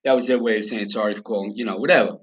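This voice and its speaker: A man's voice: lowish voice, racing, breathy edge, rough recording. A middle-aged man, telling stories bluntly and with swearing as a podcast guest. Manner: blunt, profane, animated storyteller. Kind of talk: casual storytelling.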